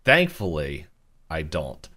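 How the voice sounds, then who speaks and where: A man's voice: rumbling low, wildly swooping pitch, takes it slowly, sharp tone. A young man co-hosting a podcast, recapping a cartoon episode in a loose, rambling way, filling with "like" and acting out characters' lines. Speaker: podcast co-host.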